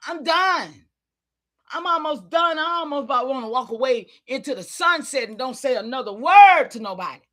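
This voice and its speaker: A woman giving an impassioned, preachy livestream talk, calling out to her listeners and sometimes shouting in frustration. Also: high-pitched, animated, moderate pace. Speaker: online community leader.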